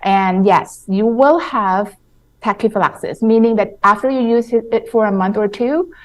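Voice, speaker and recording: Calm woman doctor explaining sleep advice. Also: medium pitch. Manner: measured, explanatory, many fillers and restarts. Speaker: sleep specialist doctor guest. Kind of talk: radio interview answers.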